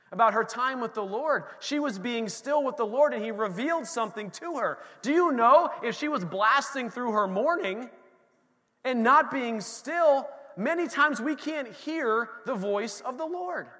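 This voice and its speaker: A man with a high, bright voice preaches a sermon from a church platform. He talks in an animated way, acts out the voices he quotes and calls out to the congregation. The sound carries a long reverb from the hall. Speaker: pastor. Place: church sanctuary.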